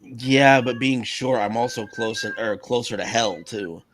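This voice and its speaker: A man's voice: medium pitch, a little slow, fairly bright tone, a little hiss or hum. A man hosting a live stream, chatting casually with a co-host, hesitant and often chuckling. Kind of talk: casual chat.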